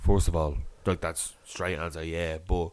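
Low-voiced man, casual podcast chat. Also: level tone, a little slow, dry recording. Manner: loose and rambling, swears, restarts often. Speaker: podcast co-host.

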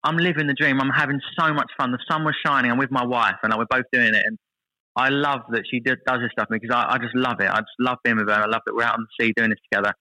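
Fast-talking, bright-voiced man in his thirties. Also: medium pitch, rough recording. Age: 30s. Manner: lively anecdotal storytelling, voices others in quotes. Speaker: guest. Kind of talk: casual podcast chat.

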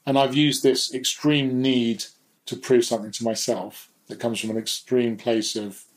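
A man's voice: medium pitch, little pitch movement, moderate pace, rough recording. A man speaking as a guest in a candid, reflective conversation, sometimes laughing at himself. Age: adult.

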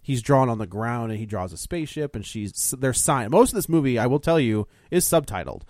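A man's voice: mid-range voice, brisk, no echo, clean studio sound. A man co-hosting a casual podcast who retells a film scene by scene and acts out the reactions. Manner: animated storytelling, acts out reactions. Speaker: podcast co-host. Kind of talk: casual chat, recapping a film.

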